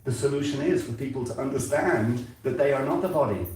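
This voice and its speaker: An older man from England giving an informal sermon at a temple, talking conversationally and halting often, repeating words and using fillers. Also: medium pitch, darkish tone. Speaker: spiritual speaker at a temple gathering. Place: temple hall. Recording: very echoey hall, heard from a distance.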